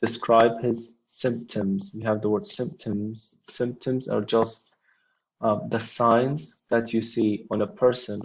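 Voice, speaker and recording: A man teaching an English lesson, explaining a textbook unit slowly with frequent ums and reading dialogues aloud. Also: fairly low pitch, lo-fi sound.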